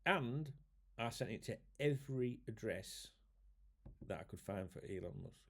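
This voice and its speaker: A man's voice: mid-range voice, lively intonation, measured pace, a little hiss or hum. A man from England, chatting casually and swearing freely to his viewers in a rambling, jokey way. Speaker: YouTube host.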